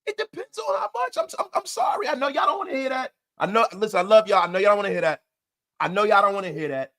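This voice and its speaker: A man hosting a live-stream post-game fan show, excitable and loud, repeating himself and bantering with his viewers. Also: sits high, fast talker.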